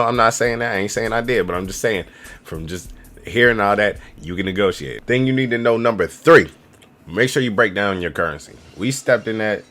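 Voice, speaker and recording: A man's voice: lowish voice, fairly bright tone. A man in his twenties giving loose, slangy, rambling travel advice straight to camera as a casual vlogger. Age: 20s.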